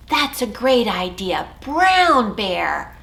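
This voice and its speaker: A woman children's librarian leading a storytime for young children, talking in an expressive, sing-song way. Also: on the high side. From United States. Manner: sing-song, expressive, slow and clear for toddlers. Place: library or home room.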